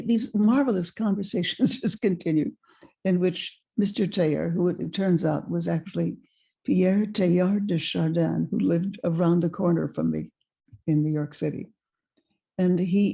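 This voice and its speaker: A woman giving a guest talk, telling a personal story in an expressive, unhurried way. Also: fairly low pitch, vocal fry. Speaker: guest speaker.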